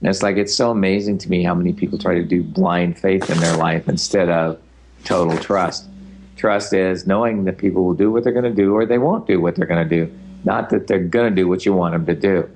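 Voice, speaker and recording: A man's voice: sits low, steady tone, a little fast, a little mellow, slight background noise. An older man answering interview questions as a speaker and facilitator, talking in an easygoing, rambling way with the odd tease.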